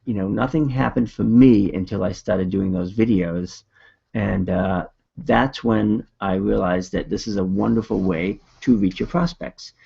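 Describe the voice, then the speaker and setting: A man's voice: on the low side, creaky, darkish tone, slightly rough, lo-fi sound. A man with a Boston accent presenting a video marketing webinar in a casual, upbeat coaching manner.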